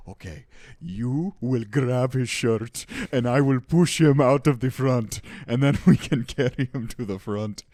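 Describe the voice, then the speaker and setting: A man imitating a scheming male neighbor who lays out a plan slowly and deliberately. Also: mid-range voice, a little mellow, no room sound, studio quality, voice pushed up, close to an everyday voice. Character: scheming male neighbor giving slow plans.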